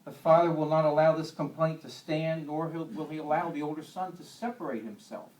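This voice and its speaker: A man's voice: fairly high pitch, brisk, a little mellow. A man teaching a Bible lesson to a church group in a conversational way, with homely humorous asides. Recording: echoey room, distant mic.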